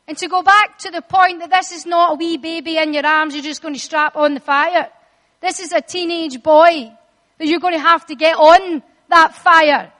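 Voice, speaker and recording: A woman preaching a sermon, telling the story dramatically and acting out the voices, rising at times to shouts. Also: very high voice, steady tone, normal speed. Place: church hall. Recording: long reverb of a large hall.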